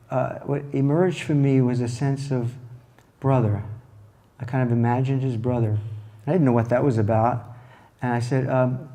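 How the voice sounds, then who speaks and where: A man giving a lecture as a therapist, telling a clinical case in a reflective, halting way with soft restarts. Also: medium pitch.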